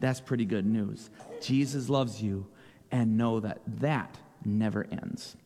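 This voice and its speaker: A man giving a playful children's sermon with a naturally loud voice, asking the kids questions and joking with them. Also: lowish voice, slow, big-room sound. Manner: playful, asks children questions, repeats jokes.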